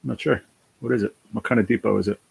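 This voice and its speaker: A man's voice: on the low side, fairly even intonation, quick pace, creaky, husky. A worn-out man chatting casually on a livestream, reading and answering chat, sighing and swearing now and then. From New Jersey.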